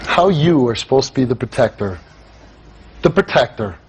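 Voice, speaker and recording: Man, talk show host, furious and accusing, blunt confrontational delivery, middle pitch, faint background hiss. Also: lively intonation, normal speed.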